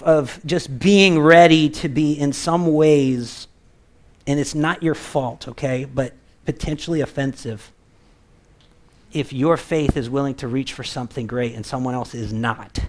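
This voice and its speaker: A man giving a relaxed, chatty sermon, his voice sitting a little higher than most men's. He talks to the room like a friend and acts out quick voices for the people in his stories. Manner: conversational, animated, acts out voices in quotes. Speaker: pastor. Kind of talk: casual sermon.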